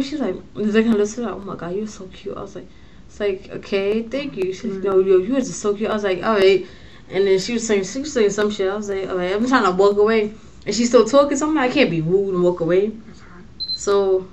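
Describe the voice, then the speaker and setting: A young woman tells a story to the camera in a loose, slangy way. She swears often and sounds animated. Her pitch sits in the middle. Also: brisk. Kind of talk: casual storytelling vlog.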